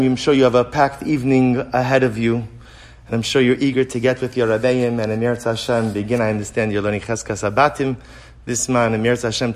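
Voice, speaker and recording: A man giving a sermon to students in a study hall while speaking through a face mask, retelling a story with growing passion. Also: medium pitch. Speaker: rabbi addressing yeshiva students.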